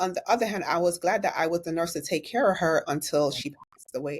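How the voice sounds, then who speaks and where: Low-voiced woman from New York telling a story. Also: husky. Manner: earnest, candid storyteller. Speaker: guest, registered nurse. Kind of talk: casual interview storytelling.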